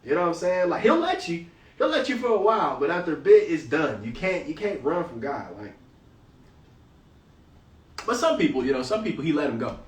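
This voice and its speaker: A man's voice: fairly high pitch, big pitch swings, brisk, long pauses. A man hosting a Bible study, reading scripture aloud and breaking off into loose, slangy commentary. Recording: roomy, distant from the mic.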